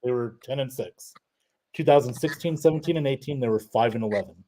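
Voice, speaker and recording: A man's voice: mid-range voice, fairly quick, mellow. A man co-hosting a casual sports talk show who keeps repeating his point and quotes records.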